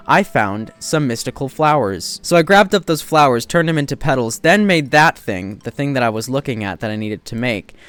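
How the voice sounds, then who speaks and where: A man giving casual, joking commentary while playing a game, getting excited and loud when he spots something new. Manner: excitable, jumps to high squeals when spotting birds; self-deprecating, joking asides. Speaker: gaming video creator.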